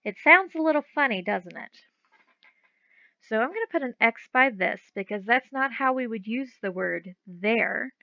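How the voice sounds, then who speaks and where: A woman's voice: a little high, lively intonation, normal speed, vocal fry, bright, forceful tone, no room sound, muffled recording. A woman teaching a phonics lesson to young children, patiently sounding out letters and words and repeating them.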